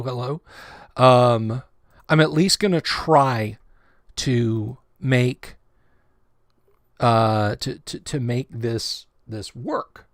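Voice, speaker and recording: A man with a medium-pitched voice hosts a livestream for a tabletop game channel, chatting casually and rambling, often stumbling over and repeating words. The recording is dry, with clean studio sound.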